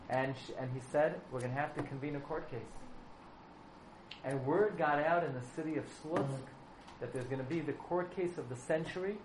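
Male preacher, dramatic storyteller, slightly high voice, echoey room. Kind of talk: storytelling sermon. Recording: echoey room with faint background noise.

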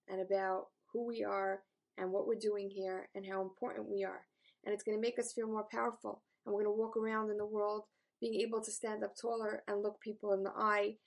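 A middle-aged woman teaches a self-help class. Her voice sits a little high, and she talks earnestly. She acts out the thoughts she quotes with lively energy. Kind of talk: spoken self-help lesson.

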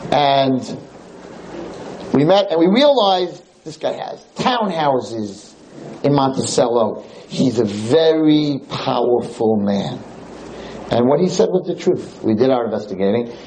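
A man's voice: mid-range voice, slight background noise, rough recording. A man, a rabbi, telling a story in a lecture and acting out the other people in it. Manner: animated storyteller, acts out quotes.

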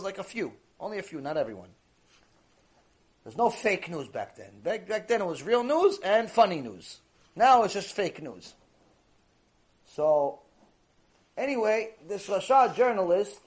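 A man with a high voice delivers a Torah lecture that mixes teaching with storytelling. His voice swoops up and down constantly and stays animated, and he repeats key phrases to drive his points home.

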